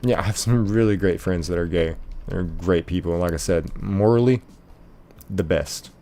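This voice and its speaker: A man with a fairly low voice hosts a casual live stream, reading out viewer messages and replying to each one. He rambles a little and leans on "like" as he talks things through. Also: normal speed, warm tone. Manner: reads viewer chat aloud and answers it; rambling, many filler "like"s.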